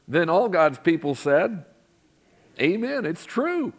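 A man's voice: on the high side, lively intonation, a little slow. A middle-aged man preaches in a church with a slightly raised voice. He keeps it conversational and keeps turning to the congregation with questions. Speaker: pastor. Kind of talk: sermon. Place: church sanctuary.

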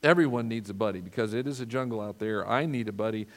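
A man's voice: on the low side, fast. A man pastor preaching a sermon in an earnest, emphatic way, asking the congregation for responses. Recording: long reverb of a church hall.

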